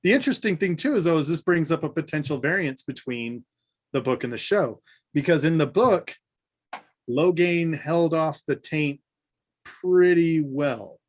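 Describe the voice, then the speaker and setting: An eager male podcast co-host talks in a voice that sits a touch high, laughing easily as he chats with his friends. His delivery is loose and conversational. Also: animated. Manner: enthusiastic, quick to laugh. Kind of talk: casual chat.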